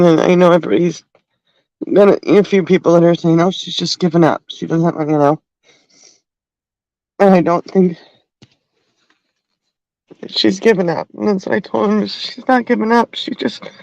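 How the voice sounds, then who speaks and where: A middle-aged woman hosting a livestream, talking in a halting, heartfelt way and crying at times. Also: fairly low pitch, vocal fry, darkish tone, no room sound, dull audio. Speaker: livestream host. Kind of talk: emotional livestream talk.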